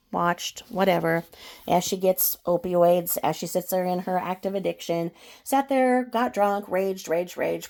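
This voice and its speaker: A woman rambles through a casual gossip monologue, tossing in sarcastic asides and stopping often to restart her sentences. Her voice sits at an ordinary middle pitch for a woman. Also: a little mellow. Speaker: YouTube commentary channel host.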